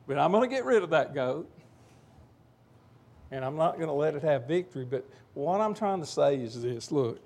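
An older man delivers a relaxed, folksy sermon, breaking off for jokes and asides to the people in front of him. His voice sits a little high for a man, and he leans into key words, drawing them out. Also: creaky. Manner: folksy, joking asides to the congregation; slows down and rises to stress key words. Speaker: preacher. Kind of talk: informal sermon with a told joke.

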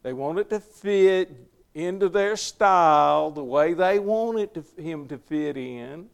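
A man's voice: a little high, takes it slowly, gravelly, clean tone. A middle-aged man, giving folksy, conversational Bible teaching and chuckling often. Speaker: preacher leading a Bible study.

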